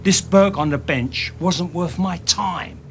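An actor playing a tough working-class ex-con in a film, speaking with a thick Cockney accent in a slangy, coolly threatening way. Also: male voice, high voice, slow pace, a little hiss or hum, voice pushed up. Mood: coolly menacing. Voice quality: slangy, clipped, threatening calm. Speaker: film character. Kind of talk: film dialogue.

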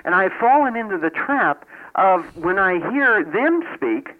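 A fairly high-voiced man with a Midwestern American accent, talking over a dull, muffled line. He chats easily and tells stories with energy. He is calling in to a radio program while driving. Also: a little slow. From New York. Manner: talkative, lively storyteller. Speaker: radio show caller. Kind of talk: call-in radio chat. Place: driving in a car. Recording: dull, muffled phone-call audio.

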